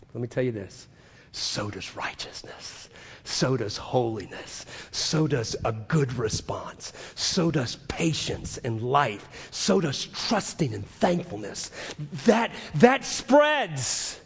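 A man preaching a sermon, moving from hushed asides to loud, emphatic declarations with drawn-out stressed phrases. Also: mid-range voice, lively intonation, slightly rough. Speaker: pastor. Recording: long hall reverb.

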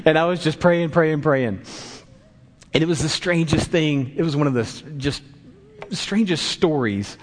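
A man's voice: on the high side, moderate pace. A man preaching a sermon in a church, telling a story and acting out the voices in it. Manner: storytelling, acts out voices in quotes. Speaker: pastor. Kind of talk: sermon with an anecdote. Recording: long hall reverb.

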